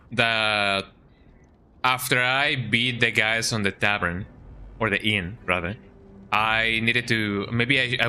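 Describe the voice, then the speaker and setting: A man's voice: fairly low pitch, pushed and bright, a little hiss or hum. A man streaming a video game, rambling and joking in casual commentary, with lots of "eh?" and "you know".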